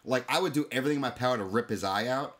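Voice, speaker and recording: A man's voice: medium pitch, very fast. A man co-hosting a podcast in casual chat, wisecracking and cracking crude jokes. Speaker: podcast co-host.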